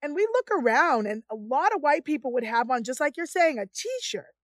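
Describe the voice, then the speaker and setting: A woman from Boston co-hosting a podcast, telling stories in a lively way and acting out what people said. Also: high-pitched, moderate pace, no echo, studio quality. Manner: animated storytelling with acted-out quotes. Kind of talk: casual chat.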